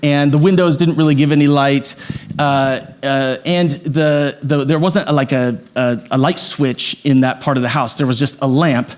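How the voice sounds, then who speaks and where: Pastor, thirties, from Idaho, animated sermon storyteller who sinks to a quiet hush. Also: male voice, medium pitch. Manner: animated storytelling that drops to a soft, slow hush.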